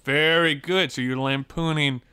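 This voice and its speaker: An actor playing a polite radio host who patiently interviews a comic guest in the studio. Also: male voice, on the high side, steady tone, measured pace, bright, forceful tone, clear, resonant tone, no echo. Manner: polite, patient, hesitant with fillers. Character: polite radio morning host, adult man. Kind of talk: comedy sketch acting.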